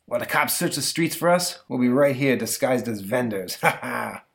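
Man doing a gruff, cocky comic crook. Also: mid-range voice, animated, normal speed, fairly bright tone. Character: wary, cocky male thug.

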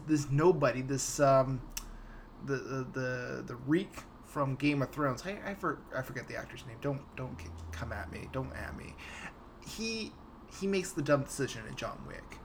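In an unhurried, medium-pitched voice, a young man hosting a podcast goes on an animated, casual rant about a movie. He swears freely and keeps tripping over his words and restarting, with a bit of background noise present.

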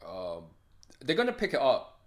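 A man's voice: mid-range voice, huge pitch swings, normal speed. A young man chatting casually, laid-back and agreeable, with lots of hesitant fillers. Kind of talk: casual chat.

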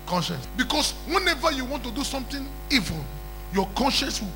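A man's voice: very high voice, big pitch swings, fairly quick, pushed and bright, faint music behind, poor audio. A man preaching an emphatic call-and-response sermon who repeats phrases and calls for hallelujah.

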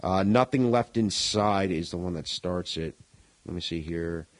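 A man's voice: low-pitched, unhurried, rough recording. A man in casual podcast chat about music, rambling, laughing often and swearing casually. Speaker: podcast co-host.

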